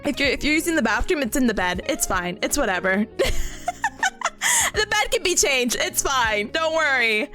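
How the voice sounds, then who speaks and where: A woman's voice: a little high, fairly quick, soft background music. A young woman streaming, telling a rambling story to her chat with lots of nervous giggling. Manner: giggly, frequent nervous laughter; animated, rambling story with restarts. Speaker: live streamer and nursing student.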